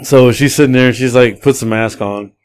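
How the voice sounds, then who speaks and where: Podcast guy rambling through a story, cusses a lot, mid-pitched voice. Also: fairly quick, smooth. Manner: rambling, profane, animated retelling. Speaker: podcast host. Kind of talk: casual storytelling.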